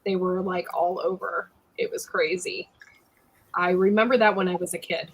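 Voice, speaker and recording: A woman in her thirties hosting a casual chat stream in a medium-pitched voice. She reacts in a relaxed way, with short replies, and reads viewer comments aloud. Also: moderate pace, husky, poor audio. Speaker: host of a talk livestream.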